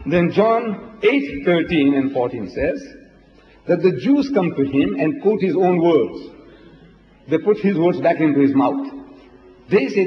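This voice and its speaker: A man delivers a dramatic debate speech, firing rhetorical questions and acting out quoted lines. His somewhat high voice rings through a big hall with long reverb. The old recording sounds dull, with a faint hiss underneath. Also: lively intonation, a little slow. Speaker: debate speaker. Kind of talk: impassioned public debate lecture. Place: large lecture hall.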